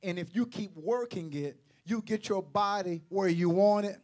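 Man, pastor, high voice, sermon, playful with the crowd, hushed asides, shouted repetitions. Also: moderate pace. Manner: preacher who swings from quiet asides to shouting; jokes with the congregation, repeats lines for emphasis.

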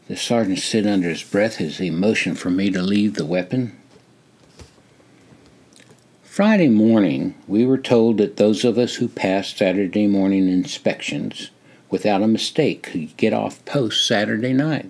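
A man's voice: on the low side, a little mellow. Older man reading his memoir. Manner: measured, plain storytelling. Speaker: memoir narrator.

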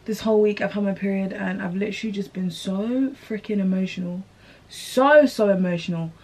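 A young woman chats straight to her viewers while she works on a wig. Her talk is casual and slangy, her pitch sits in the middle, and she bounces between asides and stories. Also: brisk. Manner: chatty, animated, slangy, talks to viewers as sis. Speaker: beauty vlogger.

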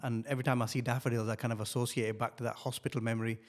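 A middle-aged man, telling a personal story as a podcast guest, halting and repeating words with many fillers. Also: medium pitch, level tone. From northern England.

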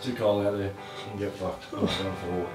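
A young man with a lowish voice, sneering and swearing. He is far from the mic in a very echoey room. Loud music plays behind him. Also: fairly even intonation, fast talker. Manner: abusive, contemptuous, swearing. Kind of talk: unscripted documentary footage. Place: house, indoors.

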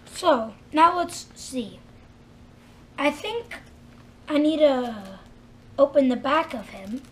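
A woman hosting a casual toy unboxing, chatty and excited as she narrates each step aloud. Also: high voice, takes it slowly. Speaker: unboxing channel host.

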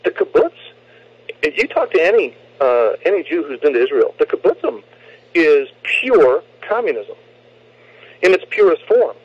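A man's voice: on the high side, sing-song, normal speed, breathy edge, dry recording. A man talking politics on a radio show, emphatic and often repeating words as he restarts. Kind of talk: political talk radio discussion. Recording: muffled lo-fi radio recording.

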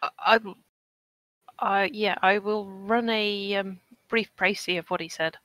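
A woman's voice: mid-range voice, fairly even intonation, measured pace, a bit bright, no echo. A woman playing a tabletop game, talking in a hesitant, joking way. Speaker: player. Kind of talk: casual tabletop play.

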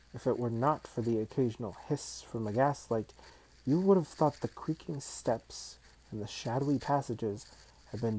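Reader: man narrating a storybook, measured and unhurried, low mellow tone. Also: rough recording. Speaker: audiobook reader. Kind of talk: storybook reading.

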